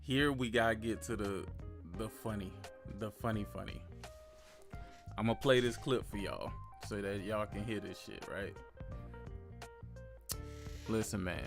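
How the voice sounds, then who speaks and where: A man's voice: fairly low pitch, measured pace, creaky, pauses often, over music. A man hosting a podcast in casual chat, brash and profane as he hypes things up. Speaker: podcast host.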